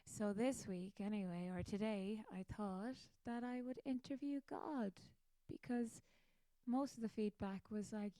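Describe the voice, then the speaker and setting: A woman's voice: medium pitch, measured pace, warm tone, dry recording. An Irish woman, a musician hosting her own show, chatting casually in a rambling, self-mocking way. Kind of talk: casual chat.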